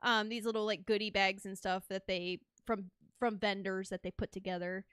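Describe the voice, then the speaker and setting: A woman's voice: medium pitch, normal speed, clean tone, no echo, clean studio sound. A young adult woman hosting a podcast, chatting casually and acting out the people in her stories. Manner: animated storyteller, acts out quotes. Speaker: podcast host. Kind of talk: casual chat.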